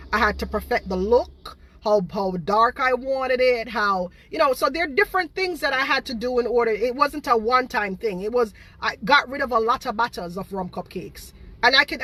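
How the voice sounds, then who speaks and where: Jamaican woman, indignant ranting baker, bright and forceful tone, repeats herself, fires rhetorical questions. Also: on the high side. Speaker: baker running her own cake business. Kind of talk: ranting livestream monologue.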